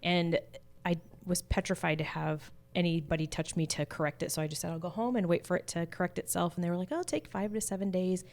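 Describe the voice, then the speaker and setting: A mother in a casual podcast chat, telling a family story in an earnest, expressive way. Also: fairly low pitch, fast. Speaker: mother guest.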